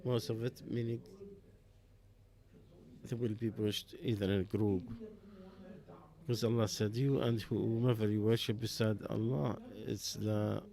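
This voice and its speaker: Slow, halting man giving Quran commentary. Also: on the low side, fairly even intonation, creaky, mellow. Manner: slow, halting, with pauses and restarts. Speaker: Quran interpreter. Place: mosque.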